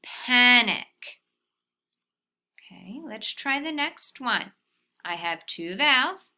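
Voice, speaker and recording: A woman's voice: a little high, sing-song, takes it slowly, vocal fry, bright, forceful tone. A woman teaching a phonics lesson to young children, patient and sounding out syllables.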